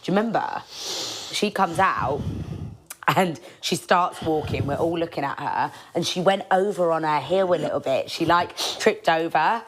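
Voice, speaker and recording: Animated woman telling a story. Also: sits low, moderate pace. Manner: animated storyteller, lively retelling of a night out. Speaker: podcast host. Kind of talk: casual podcast chat.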